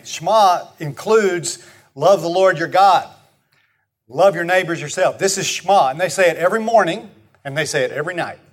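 A man with a Texan accent preaching a sermon, folksy and emphatic, leading the congregation to repeat words after him. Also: fairly high pitch. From Texas. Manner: folksy, emphatic repetition, leads the congregation in call-and-response. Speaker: pastor.

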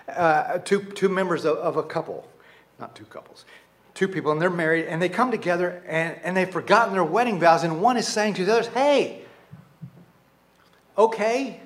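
High-voiced male pastor preaching. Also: fairly bright tone. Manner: conversational, with frequent restarts and self-corrections. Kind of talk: sermon.

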